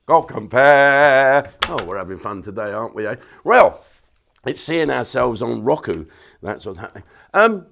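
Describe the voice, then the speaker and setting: Blunt comedian ranting crudely. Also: male voice, lowish voice, sing-song, moderate pace, gravelly, fairly bright tone, slight background noise. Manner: blunt, crude and jokey, with asides and restarts. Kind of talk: comedic rant to camera.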